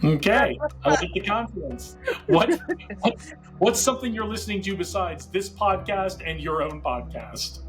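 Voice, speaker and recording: A man hosting a podcast interview, asking reflective questions and then running a quick question game with upbeat energy. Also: sits high, expressive, over music. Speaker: podcast host. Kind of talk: conversational interview.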